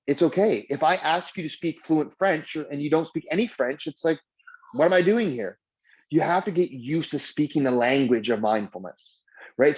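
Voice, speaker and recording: Chill guy walking a group through mindfulness, loose chatty talk, kinda dull lo-fi sound. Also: medium pitch. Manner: relaxed, conversational, many "like"s. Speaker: mindfulness trainer. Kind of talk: guided meditation workshop.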